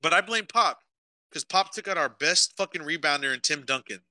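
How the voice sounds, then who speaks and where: A man's voice: fairly high pitch, animated, fairly quick, sharp tone, dry recording. A young man co-hosting a casual podcast, swearing a lot and ranting emotionally about sports to his live chat. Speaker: podcast co-host.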